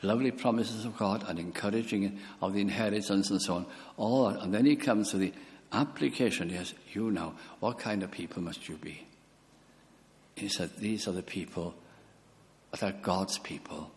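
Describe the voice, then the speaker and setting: A man preaching a sermon slowly and earnestly, lifting his voice on key words. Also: lowish voice, a little mellow. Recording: long hall reverb.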